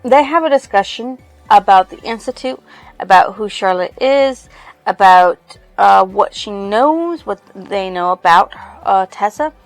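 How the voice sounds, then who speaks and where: A woman's voice: medium pitch, expressive, unhurried, dry recording, faint music behind. A woman casually summarizing a book's plot as a book reviewer, rambling loosely with lots of fillers. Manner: rambling, full of fillers and "she's like".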